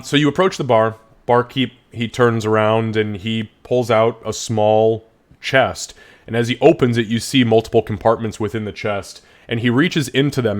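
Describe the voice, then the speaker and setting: A man narrating as game master of a tabletop game, relaxed and chatty, voicing townsfolk as he goes. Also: fairly low pitch.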